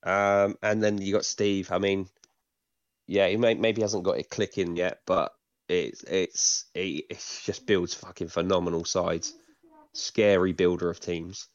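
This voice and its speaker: Man, podcast co-host, low voice, rambling chat, dry dull lo-fi sound. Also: fairly even intonation, a little slow, no room sound. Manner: rambling, many fillers and restarts, swears casually. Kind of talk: casual chat.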